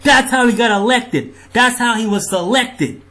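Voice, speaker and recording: Riled-up man ranting, high voice. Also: animated, measured pace, sharp tone. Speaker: vlogger. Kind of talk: angry monologue to viewers.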